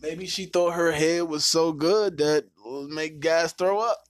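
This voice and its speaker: A man's voice: fairly high pitch, fairly even intonation, unhurried, no room sound. A man hosting a podcast, telling a crude dating story in casual, profane chat, laughing and mimicking other people. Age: adult with a child. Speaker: podcast host.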